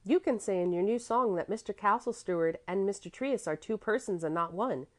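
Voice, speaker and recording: A woman's voice: mid-range voice, fairly quick, a little mellow, voice pushed up, lightly acted. A woman reading the part of a bold, cheeky little girl with a pert, matter-of-fact delivery.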